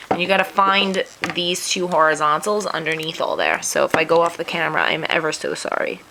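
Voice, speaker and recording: Over background noise, a woman with a fairly low-pitched voice walks through a craft tutorial, chatting and poking fun at herself as she works with her hands and sniffles along the way.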